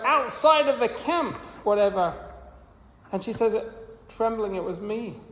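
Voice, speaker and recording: A pastor delivers a sermon in an earnest, storytelling way, pausing between phrases. The voice sits at a middle pitch. It rings out in a church hall with a long reverb. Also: darkish tone.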